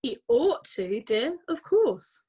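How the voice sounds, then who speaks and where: A woman's voice: on the high side, very animated, slow pace, warm tone, husky, heavily acted. A woman playing a soothing, gossipy young bridesmaid in a radio play.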